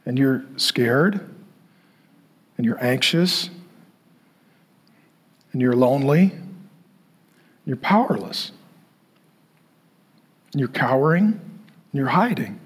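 A male pastor preaching a sermon in an emphatic way, repeating phrases and pausing for effect. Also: mid-range voice, expressive, slightly rough. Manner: emphatic, repetitive, with dramatic pauses.

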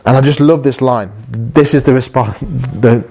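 A man's voice: medium pitch, normal speed, creaky, mellow, husky, faint music behind. A man delivering a sermon, earnest and insistent. He leans on repetition, circling back to the same phrase to drive a point home, and throws rhetorical questions at his listeners. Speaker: pastor.

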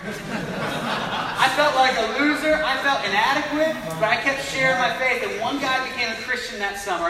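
A young man preaches in a high, bright voice, telling his story earnestly and acting out both sides of the dialogue. His voice carries through a big echoing hall and is picked up from a distance. A long reverb trails every phrase. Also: a little hiss or hum. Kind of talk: sermon. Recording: echoey hall from afar.

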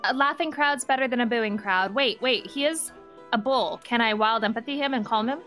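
Female player, slightly high pitch, quick, joking. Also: a bit bright, faint music behind. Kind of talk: tabletop game chat.

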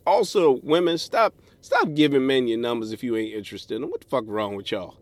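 A man delivers a solo comedic advice rant as a podcast host, blunt and full of swearing. His voice sits at an ordinary middle pitch. The recording is dry, with no room echo. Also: a little fast. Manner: blunt and profane, swings into mocking put-on voices.

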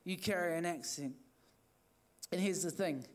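A man's voice: sits high, unhurried. A man preaching an evening church sermon, urging the listeners on in fervent, repetitive phrases. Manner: fervent, repetitive exhortation with restarts. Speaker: pastor.

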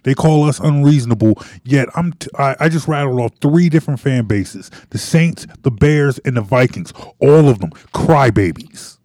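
A man co-hosting a casual sports talk show, chiming in with quick agreements and punchy remarks. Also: mid-range voice, darkish tone, dry recording, clean studio sound. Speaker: podcast co-host.

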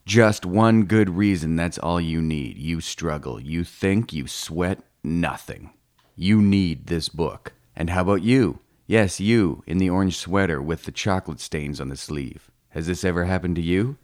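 A man reading a humorous book aloud with deadpan, playful delivery. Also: low-pitched, a little slow. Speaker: audiobook reader. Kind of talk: comic scripted narration.

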